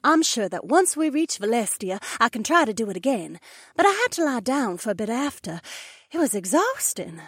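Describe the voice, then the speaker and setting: Cleia, a soft high sorceress. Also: male voice, very animated, moderate pace, breathy edge, no room sound, studio quality, heavily acted. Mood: modest. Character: modest, gentle young sorceress.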